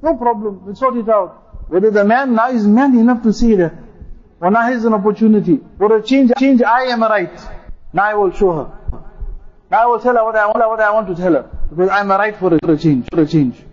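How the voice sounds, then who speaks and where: A man's voice: high voice, a little fast, muffled recording. A man, a mufti, preaching a sermon, repeating phrases for emphasis and reciting Arabic quotations. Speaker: mufti giving a talk.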